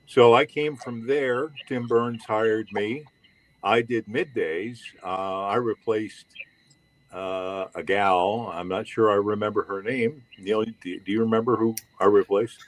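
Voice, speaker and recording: An older man, a former radio DJ, recalling his years on air in a measured, unhurried way. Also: lowish voice, fairly even intonation, dry recording, poor audio. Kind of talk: casual reminiscing chat.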